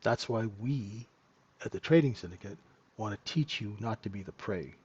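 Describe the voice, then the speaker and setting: A man's voice: lowish voice, animated, normal speed, a little mellow, slightly rough, muffled recording. A middle-aged man hosting a live trading room, chatting casually and joking with viewers, laughing often. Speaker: trading room host and mentor.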